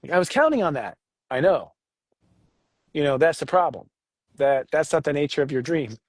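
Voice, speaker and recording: A man co-hosting a casual spiritual talk about astrology, animated and joking. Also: normal speed, no room sound. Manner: animated, jokes, acts out voices with big pitch jumps. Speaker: astrology show co-host.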